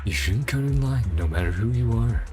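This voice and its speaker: A man's voice: medium pitch, lively intonation, brisk, darkish tone, soft background music, natural voice. A man voicing an arrogant, entitled rich young man in a game, reading his lines in a haughty, indignant way.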